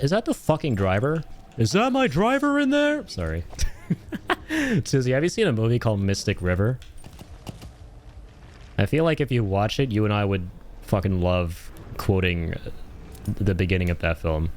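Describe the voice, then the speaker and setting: Excitable streamer with a low voice. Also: male voice, moderate pace, long pauses. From Canada. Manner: excitable, swears and yells at the game. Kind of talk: casual live-stream gaming chat.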